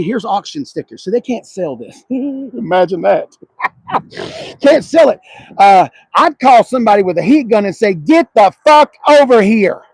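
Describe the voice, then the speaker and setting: A high-pitched, gravelly middle-aged man with a drawl, reviewing cars on an outdoor lot. He jokes and swears loudly, mocking what he finds. His voice is husky, and the sound is dry and close. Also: dry recording, poor audio. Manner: profane, mocking, loud joking rants. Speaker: car reviewer host. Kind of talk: casual walkaround car review.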